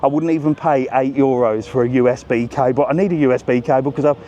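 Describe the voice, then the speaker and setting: Speaking quickly in a mellow, mid-range voice, a vlogger walks through a resort town on a live stream. He's casual and cheeky, addressing viewers straight on and reading their messages as faint street and traffic noise plays behind him.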